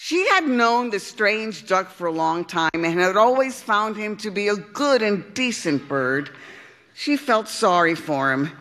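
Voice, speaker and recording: A woman reading a storybook aloud, unhurried and expressive. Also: lowish voice. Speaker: storybook reader. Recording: long hall reverb.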